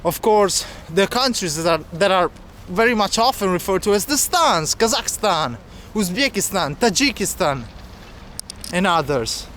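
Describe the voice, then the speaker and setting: A man's voice: high-pitched, expressive, a little slow, a bit bright, slight background noise. A man walking city streets as a travel vlogger, chatting and explaining local facts to the camera. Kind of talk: walking travel vlog narration.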